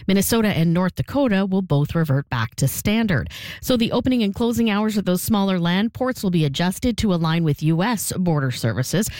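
A woman reading a radio news update in a steady, measured newsreader manner. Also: medium pitch, dry recording. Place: radio studio.

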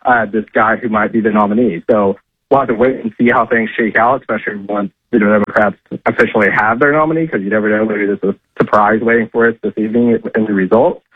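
This caller is a political correspondent whose husky, lowish voice moves quickly in a steady tone. The phone audio is tinny without echo, and his relaxed commentary is packed with fillers like "uh" and "I mean."

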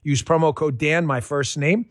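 A male radio host with a fairly high voice reads a sponsor endorsement with chatty, emphatic energy. The sound is dry and close. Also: moderate pace, dry recording.

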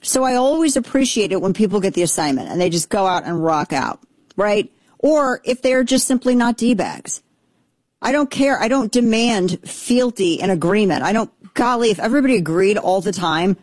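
A woman's voice: medium pitch, lively intonation, moderate pace, darkish tone, dry recording. A woman in her thirties hosting a talk show, giving casual political commentary with rambling asides and blunt sarcasm. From Texas.

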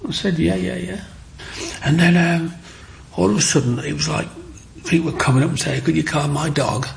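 A man's voice: on the high side, fairly even intonation, moderate pace, creaky. A man, an interview guest telling his life story and acting out the people in it. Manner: acts out the people in his stories. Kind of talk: personal storytelling.

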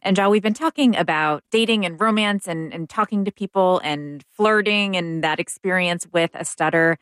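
A woman hosting an interview, asking calm, curious questions. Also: lowish voice, moderate pace, no room sound. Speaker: interview host.

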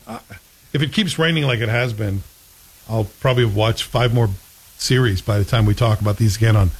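Male host, mid-pitch, chatty and opinionated, casual talk-show delivery. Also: low-quality recording. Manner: chatty and opinionated, quick asides. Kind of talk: casual chat.

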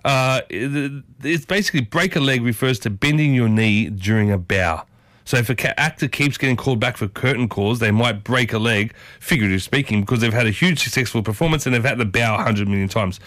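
An enthusiastic man hosting a morning radio show, talking. His voice sits in a middle pitch and sounds dry and close, with no room around it. He chats loosely and keeps circling back to the same phrases. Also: fairly quick, a bit bright, no room sound. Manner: chatty, enthusiastic, repeats phrases. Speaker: community radio host. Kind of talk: casual radio talk.

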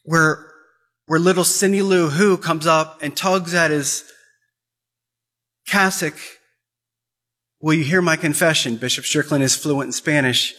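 A man's voice: on the high side, unhurried, pauses often, pushed and bright. A man preaching an impassioned sermon, rising to emotional peaks as he speaks.

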